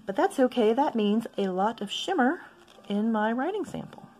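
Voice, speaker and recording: A woman chatting casually as she swatches inks for her video, rambling into asides and gently poking fun at herself. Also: a little high, sing-song, normal speed. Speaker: stationery vlogger.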